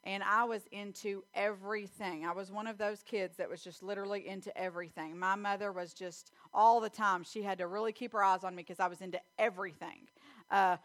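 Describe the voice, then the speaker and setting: A middle-aged woman preaching with an animated, storytelling delivery. She moves between quick, excited bursts and slower, earnest appeals. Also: medium pitch. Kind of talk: sermon with personal story.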